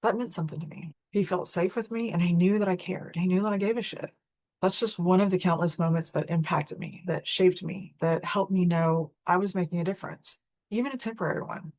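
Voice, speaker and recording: A woman's voice: on the low side, a little fast, darkish tone, no room sound. A woman hosting a spiritual talk, telling a personal story in an earnest, candid, conversational way. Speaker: host.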